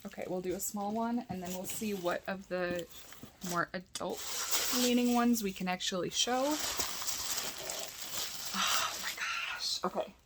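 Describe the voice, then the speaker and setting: A woman talking slowly and fondly to her viewers as she unboxes, swinging between excited gushing and soft, breathy asides. Her pitch sits in an ordinary middle range. A faint hiss of noise runs under the room. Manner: gushing, giggly, drops into whispers and squeals. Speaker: vlogger unboxing VHS tapes. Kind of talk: casual unboxing chat.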